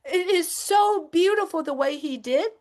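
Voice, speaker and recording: High-voiced woman lecturing emphatically. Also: animated, a little slow, a little mellow. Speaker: panelist on a company webinar. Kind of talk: impassioned motivational talk.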